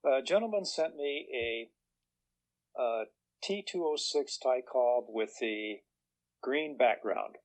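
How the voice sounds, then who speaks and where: An older man, a guest author, telling relaxed anecdotes in a chatty way and acting out the voices of people he quotes. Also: medium pitch, takes it slowly, rough recording. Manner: chatty, acts out quoted voices, chuckles through punchlines.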